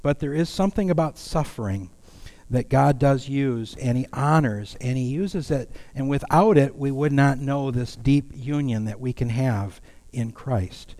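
Mellow-voiced preacher in a ringing hall. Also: male voice, mid-range voice, measured pace. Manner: folksy, self-deprecating humor. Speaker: pastor. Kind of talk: sermon.

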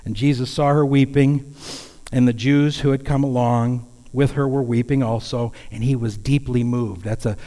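A man's voice: medium pitch, fairly even intonation, moderate pace, dark tone. Man preaching in a reverberant hall. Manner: earnest, conversational preaching with sudden raised calls. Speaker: pastor. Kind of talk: sermon. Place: church sanctuary.

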